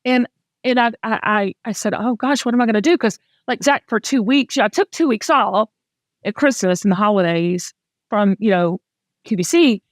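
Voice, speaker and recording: A woman's voice: medium pitch, moderate pace, no room sound, clean studio sound. A middle-aged Southern woman hosting a candid, casual talk, speaking with heartfelt emotion and frequent restarts. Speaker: host.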